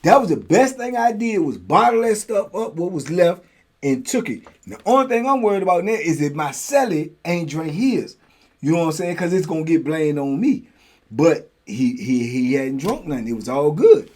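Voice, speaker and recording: A man's voice: a little high, moderate pace. A middle-aged man and channel host telling a story in a casual way, slipping into voices for the people in it. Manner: animated, slips into voices for the people in his story.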